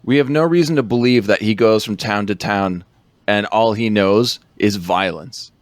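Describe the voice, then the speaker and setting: Podcast co-host, male, low pitch, dry close sound, relaxed and hesitant in film talk. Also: normal speed, dry recording. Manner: laid-back, hesitant with fillers, quotes lines in a low growl. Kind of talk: casual film review chat.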